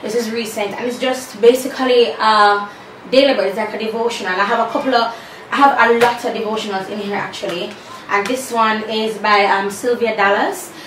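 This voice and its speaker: A woman's voice: fairly high pitch, fairly even intonation, brisk, fairly bright tone. A woman vlogging in casual chat, showing what is in her bag, with sassy asides to viewers. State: out of breath. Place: room at home with a fan. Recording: echoey room, far from the mic, faint hum.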